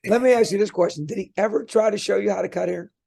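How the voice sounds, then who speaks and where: A man's voice: sits high, fast talker, creaky, warm tone. A middle-aged man, a college basketball coach, telling rambling, chatty anecdotes as an interview guest, with many restarts.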